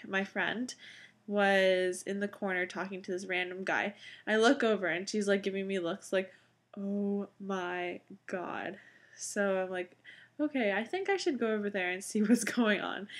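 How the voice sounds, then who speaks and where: Young adult woman, casual vlog storyteller, chatty, animated delivery. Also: medium pitch. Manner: chatty, animated, frequent "like" fillers and laughs. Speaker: vlogger.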